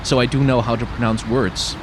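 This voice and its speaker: A man with a mild Danish accent chats casually through a driving game. He thinks aloud in a rambling way and sometimes reads the on-screen instructions. His pitch sits in an ordinary middle range, with a faint hiss behind his voice. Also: little pitch movement, brisk. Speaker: YouTuber playing a driving game. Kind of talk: casual gameplay commentary.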